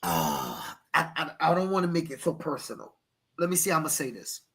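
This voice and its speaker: Male youth coach, American, podcast host: bright edgy tone, preachy, stumbles and repeats. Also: fairly high pitch, huge pitch swings, brisk. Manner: emphatic, preachy, repeats words and addresses co-host by name. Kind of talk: passionate podcast talk.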